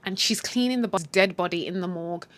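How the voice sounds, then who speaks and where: A woman's voice: on the low side, fast. Chatty, slangy woman recapping a show. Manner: chatty and animated, slangy, swears, laughs often. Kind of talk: casual spoken story recap.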